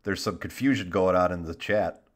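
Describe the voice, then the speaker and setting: A man's voice: sits low, fairly even intonation, moderate pace. A man co-hosting a podcast in casual chat, joking, mocking himself and reading chat messages aloud. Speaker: podcast co-host.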